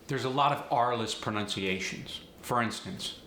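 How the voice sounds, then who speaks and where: A man teaching as a dialect coach, explaining pronunciation deliberately and speaking directly to viewers. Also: mid-range voice, pushed and bright. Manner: slow, deliberate demonstration of pronunciations; direct, encouraging address to viewers. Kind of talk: instructional video narration. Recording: echoey room with faint noise.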